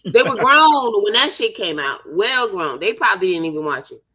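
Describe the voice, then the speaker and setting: A woman's voice: mid-range voice, very animated, normal speed, bright, forceful tone, breathy edge, rough recording. A woman in her thirties in casual chat, sassy and teasing, calling people sweetie and baby. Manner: sassy, teasing, puts on voices. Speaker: chat partner.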